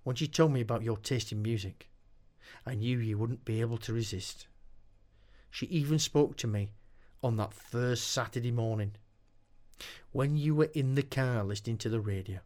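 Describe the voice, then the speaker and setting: A man voicing a calm, seductive witch. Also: mid-range voice, unhurried, long pauses.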